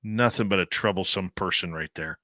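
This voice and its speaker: Male talk radio host, low and bright, dry studio sound. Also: brisk, no room sound. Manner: upbeat promo delivery, conversational.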